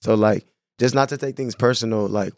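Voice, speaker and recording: A man's voice: fairly low pitch, fairly quick, gravelly, a little mellow, dry recording, clean studio sound. A young man from San Diego, a guest telling stories in a casual podcast interview, laid-back and full of slang. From San Diego, California. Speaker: guest, clothing brand owner.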